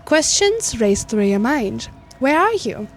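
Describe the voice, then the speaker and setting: A sly, well-spoken narrator voice that lives in your head, as a woman reads it out, mock-sinister and teasing. The voice sits high and bright. Soft music hums behind it. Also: very animated, slow. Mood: eerie storytelling. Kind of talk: reading a dating game's text aloud.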